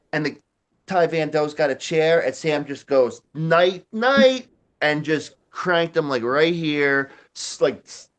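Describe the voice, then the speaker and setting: A man's voice: fairly high pitch, fairly bright tone. A man, telling a rambling, profane story in casual chat, laughing often. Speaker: podcast host.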